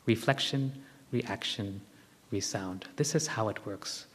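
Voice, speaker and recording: A man giving a live spiritual talk to a group, gently instructive and repeating his key phrases. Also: lowish voice, slow. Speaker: spiritual teacher. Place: large hall with long reverb. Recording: long hall reverb from a live talk.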